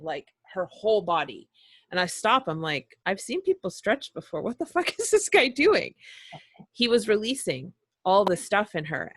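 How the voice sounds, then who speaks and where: A woman's voice: low voice, a bit bright, dry recording. A woman hosting a casual interview, telling stories candidly and swearing freely. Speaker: host. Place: Toronto.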